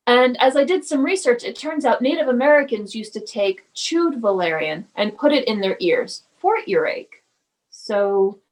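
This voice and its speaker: A woman, a mother and herbalist guest, speaks in a measured way with frequent ums and grows animated while telling a personal story. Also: a little high, poor audio. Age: adult parent of school-age son. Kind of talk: casual interview storytelling.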